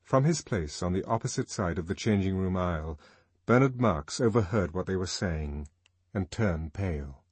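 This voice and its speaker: Husky, expressive male narrator. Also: low voice, no echo. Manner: measured, expressive reading. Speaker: audiobook narrator. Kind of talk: scripted narration.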